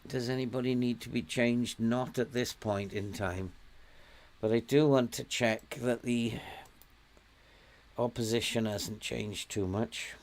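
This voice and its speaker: A man's voice: mid-range voice, fairly even intonation, measured pace. An older Welsh man giving casual gameplay commentary on his stream, chatting away, coaxing and scolding his virtual players and often chuckling. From Wales. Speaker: game streamer.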